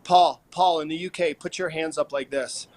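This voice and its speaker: A man's voice: fairly high pitch, fairly even intonation, normal speed. Jokey man co-hosting a morning show. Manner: jokey, laughs often. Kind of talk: casual live-stream chat.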